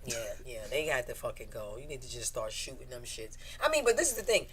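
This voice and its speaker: A woman comedian on a podcast, chatting casually, swearing often and acting out quotes loudly. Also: a bass voice, very animated, fast, poor audio. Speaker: comedian guest.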